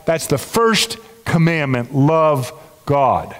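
An older male pastor preaching a conversational sermon, with frequent restarts and sudden rises and falls in pitch. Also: expressive, slow. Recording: long reverb of a large hall.

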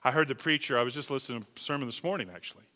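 A man preaching a sermon emphatically, rising to loud calls and dropping to hushed asides. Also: medium pitch, racing. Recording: long hall reverb.

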